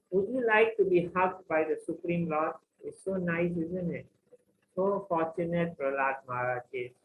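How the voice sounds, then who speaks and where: A man teaching a scripture class, retelling the story in simple, repetitive, halting sentences. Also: a little high, slight background noise. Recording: echoey room with faint ambience.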